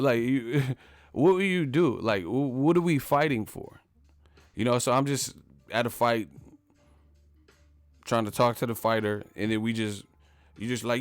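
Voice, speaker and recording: A man's voice: medium pitch, lively intonation, a little slow, pauses often, no room sound, studio quality. A man hosting a boxing vlog who rants casually in heavy street slang, cursing, repeating himself and laughing often. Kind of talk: casual profane rant.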